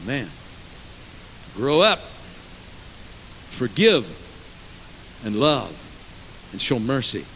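A man preaching a sermon in church as pastor, emphatic, with rhetorical questions to the congregation and big swings in pitch and volume. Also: lively intonation, moderate pace, long pauses, bright, forceful tone, slight background noise, low-quality recording.

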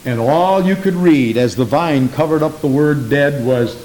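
Delivering a story-filled sermon at a moderate pace, this man has a mellow voice and an emphatic manner, his pitch swinging widely. "Praise the Lord" comes up again and again. It was recorded in a very reverberant room with faint hiss.

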